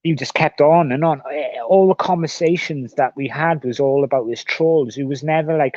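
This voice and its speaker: A man's voice: on the high side, normal speed, few pauses, a little mellow, no echo. A man livestreaming in casual chat, rambling and swearing often as he repeats himself. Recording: dull, dry sound.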